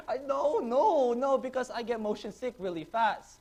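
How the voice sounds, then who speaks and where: A man, a pastor, preaching a sermon to a congregation, telling stories in an animated way and laughing often. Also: very high-pitched, moderate pace, hardly any pauses. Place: church, before a congregation.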